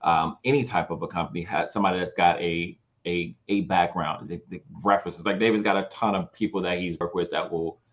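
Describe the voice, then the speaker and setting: A man with a low voice co-hosts a relaxed podcast chat. He talks loosely, with plenty of fillers and quick agreements. The recording sounds dull and lo-fi. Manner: conversational, lots of fillers and agreeing interjections. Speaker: podcast co-host.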